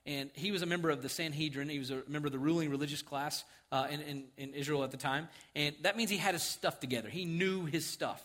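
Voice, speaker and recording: A middle-aged man preaching in a church sanctuary, telling a story with lively acted-out quotes and frequent chuckles. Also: on the high side, fast, hardly any pauses. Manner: animated, acts out quotes, chuckles often. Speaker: pastor. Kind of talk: sermon with storytelling.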